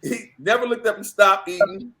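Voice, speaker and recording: A man guest on a podcast, telling a lively, profane story and acting out other people's lines. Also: sits high, normal speed. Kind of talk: animated anecdote on a podcast.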